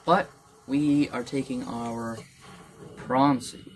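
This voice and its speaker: A gamer in casual gameplay commentary, muttering playfully to themselves and to the game, with sudden excited outbursts. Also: mid-range voice, slow, slight background noise. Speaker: gamer playing a survival game.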